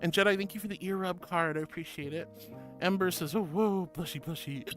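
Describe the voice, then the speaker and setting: A woman's voice: fairly low pitch, brisk. A woman streamer chatting casually and reading viewer comments aloud, bubbly, giggly and affectionate. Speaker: streamer host. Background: background music.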